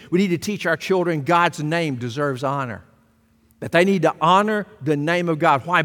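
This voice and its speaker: A man preaching a sermon as pastor, emphatic and rising to loud exclamations. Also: on the high side. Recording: long reverb of a large hall.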